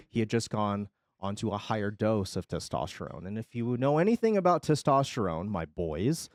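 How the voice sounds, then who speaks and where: A man streaming, telling his chat a story in a casual, animated way, swinging between loud and quiet and swearing freely. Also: on the low side, no echo, studio quality.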